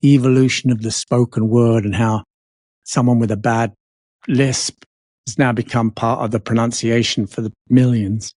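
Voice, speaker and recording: A man's voice: medium pitch, flat delivery, moderate pace, a little mellow, dry recording, clean studio sound. A middle-aged Englishman with a London accent, chatting casually as co-host and telling rambling, self-mocking stories. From England. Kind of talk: casual chat.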